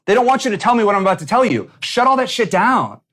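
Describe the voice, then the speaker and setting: A man hosting a business coaching show, talking in a punchy, animated way and acting out little quotes. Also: high voice, quick pace. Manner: punchy, animated, casual swearing, acts out quotes. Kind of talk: energetic motivational talk to camera. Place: San Diego.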